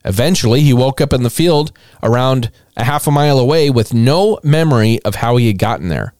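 A man's voice: mid-range voice, expressive, fairly quick, a little mellow, no room sound, studio quality. Irreverent swearing male podcast host. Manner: irreverent, mocking, swears often, laughs at own material. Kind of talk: comedic storytelling podcast.

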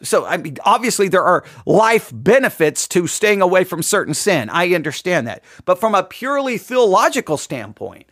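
A man's voice: sits high, very animated, moderate pace, hardly any pauses, a bit bright, no echo, studio quality. A man hosting a live podcast, talking earnestly in a sermon-like monologue full of rhetorical questions. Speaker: podcast host. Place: podcast studio.

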